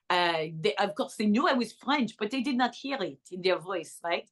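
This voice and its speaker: A middle-aged woman, an actress and author, telling stories in a bubbly interview chat with quick asides. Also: mid-range voice, fairly bright tone.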